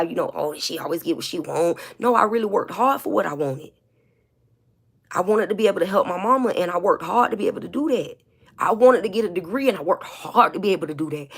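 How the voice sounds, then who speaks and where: Gravelly low-voiced woman, confessional and blunt. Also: fairly bright tone. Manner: candid, blunt and profane, with many repeats and fillers; emotional, holding back tears. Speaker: vlogger. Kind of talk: confessional monologue to camera.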